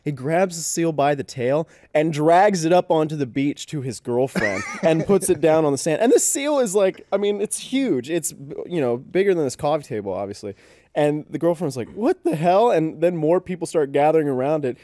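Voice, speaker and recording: A man's voice: on the high side, lively intonation, moderate pace, warm tone, no echo, clean studio sound. A man in casual chat with friends, recounting a beach story in a laid-back way with casual swearing.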